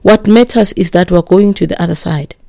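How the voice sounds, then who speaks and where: A woman's voice: lowish voice, brisk, mellow, no echo, studio quality. Emphatic woman preaching a sermon. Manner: emphatic, repetitive, drops to breathy whispers for emphasis.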